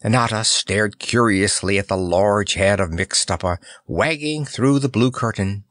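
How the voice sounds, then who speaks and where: A man's voice: fairly low pitch, unhurried, a bit bright, no echo, studio quality. A man narrating a children's fantasy audiobook in a storytelling style. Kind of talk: scripted narration.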